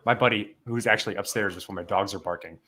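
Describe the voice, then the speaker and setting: A man's voice: on the low side, steady tone, quick pace, pushed and bright, slightly rough. A man co-hosting a podcast from home, rambling in casual banter and laughing easily. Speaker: podcast co-host.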